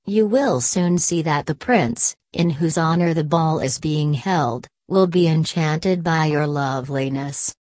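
A brisk, commanding fairy godmother, as a woman reader puts her on from a storybook. The voice sits low and the orders come quick and firm. Dry, close sound. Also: darkish tone, dry recording.

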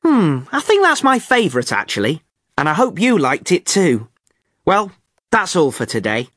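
A man hosting an English-learning podcast, speaking clearly in an amused, teacherly way. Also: high-pitched, wildly swooping pitch, moderate pace, a bit bright, no room sound, clean studio sound. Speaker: podcast host.

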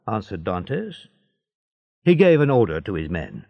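A man narrating a story in a slow, deliberate reading. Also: medium pitch, wildly swooping pitch, creaky, mellow, no echo.

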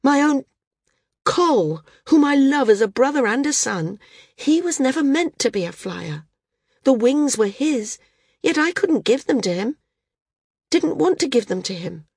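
A woman's voice: high-pitched, lively intonation, a little slow, a little mellow, breathy edge, no echo, studio quality, pitched above the performer's own voice, exaggerated voice. A woman voicing a passionate flyer woman. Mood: impassioned. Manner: impassioned, pleading. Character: woman, passionate seasoned flyer arguing her case.

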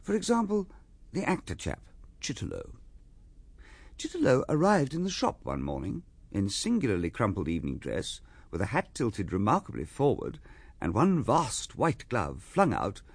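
A man narrating a radio drama as a measured storyteller. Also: medium pitch, huge pitch swings, breathy edge, no room sound. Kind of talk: scripted narration.

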